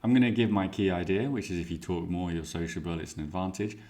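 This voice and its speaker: A man teaching exam speaking skills, explaining clearly and giving worked example answers. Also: sits low, steady tone, fast talker, darkish tone.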